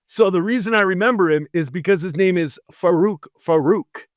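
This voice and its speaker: A man's voice: high-pitched, moderate pace, dry recording, clean studio sound. A man, a police officer, casually telling a rambling story on a podcast and acting out the people in it. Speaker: podcast co-host.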